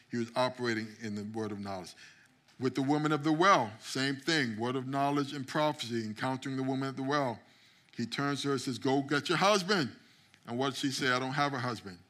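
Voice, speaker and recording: A middle-aged man preaching a sermon as pastor, telling stories and acting out quotes, building up to loud climaxes. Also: mid-range voice. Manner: storytelling, acts out quotes, builds to shouting climax.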